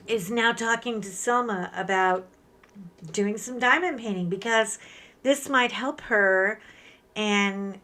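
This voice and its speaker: A woman's voice: medium pitch, slow. Chatty woman in her fifties crafting. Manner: chatty and candid, animated retellings with rising emotion. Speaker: craft channel host. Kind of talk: casual chat while crafting.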